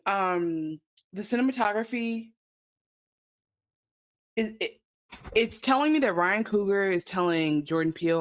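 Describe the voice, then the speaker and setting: A woman co-hosting a casual reaction chat, playful and quick to laugh. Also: on the low side. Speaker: podcast co-host.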